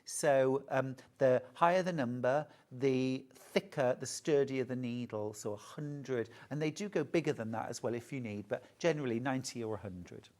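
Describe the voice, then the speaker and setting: A woman's voice: a bass voice, moderate pace, few pauses, a little mellow. A middle-aged British woman presenting a live TV shopping show about sewing, chatting and gushing over fabrics.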